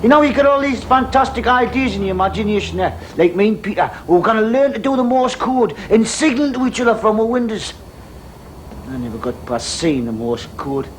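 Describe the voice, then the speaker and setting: A lively ten-year-old Geordie schoolboy, acted by a grown man, rattling along in a high voice that leaps all over the place. He is an eager daydreamer, chatty and quick to laugh at himself, in a children's stage play. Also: slight background noise, low-quality recording. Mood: wistful. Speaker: boy narrator of his own story.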